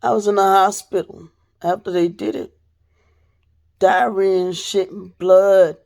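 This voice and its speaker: A woman vlogger with a gravelly, fry-edged voice tells her story straight to the camera in casual talk. She is blunt and profane, and her pitch sits mid-range for a woman. Her voice drops low, then climbs loud and forceful. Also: fairly even intonation, a little slow.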